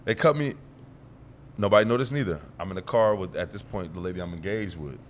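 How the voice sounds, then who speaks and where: A young man telling stories as a guest in a casual interview, animated and acting out the dialogue as he goes. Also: deep voice, fast talker, a little hiss or hum. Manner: animated storyteller who acts out quoted dialogue. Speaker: guest, pro football player.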